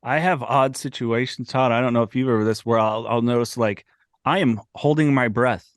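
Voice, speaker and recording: A man's voice: mid-range voice, normal speed, dry recording. Podcast host, a man with a dry, close sound. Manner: relaxed, curious, laughs at himself. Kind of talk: conversational interview.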